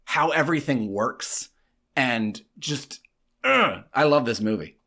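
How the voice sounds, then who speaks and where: A man's voice: medium pitch, expressive, slow pace, pushed and bright. A man co-hosting a movie review, talking enthusiastically and emphatically in a casual chat.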